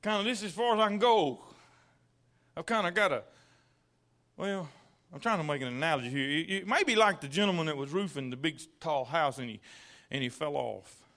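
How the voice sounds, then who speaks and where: Man, pastor, high bright voice, folksy sermon, repeats words. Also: a little fast, pauses often. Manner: folksy storytelling, repeats words, builds to fervent peaks. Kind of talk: sermon with personal anecdotes. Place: church.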